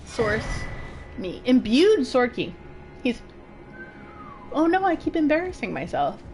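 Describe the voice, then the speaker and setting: A woman chats her way through a video game as a streamer. Her voice sits a little high and swings widely in pitch. She giggles often and lets out yelps under pressure. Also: sing-song, unhurried, darkish tone, a little hiss or hum. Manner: chatty and giggly, yelps when stressed. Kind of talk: casual gaming commentary.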